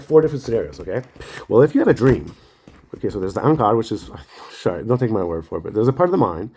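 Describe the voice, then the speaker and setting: A man in a casual rambling monologue, his voice a little husky and his words tumbling out quickly. He acts out the quoted lines and swears freely. He often apologizes and laughs at himself. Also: on the low side, mellow.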